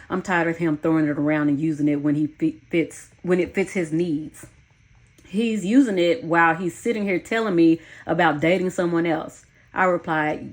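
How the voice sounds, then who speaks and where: Female memoir narrator, lower-pitched, blunt and candid delivery. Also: moderate pace. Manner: frank, blunt, swears freely. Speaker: audiobook narrator. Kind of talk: first-person memoir narration.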